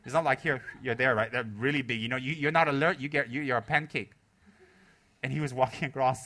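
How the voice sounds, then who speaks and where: A man teaching a Buddhist dharma talk with a bright, forceful tone. He tells stories in an animated, chatty way and pokes fun at himself. His pitch sits at a middling level for a man. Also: fast talker. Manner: animated, chatty storytelling with frequent laughter; casual and self-deprecating, with restarts. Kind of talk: dharma talk with personal anecdotes.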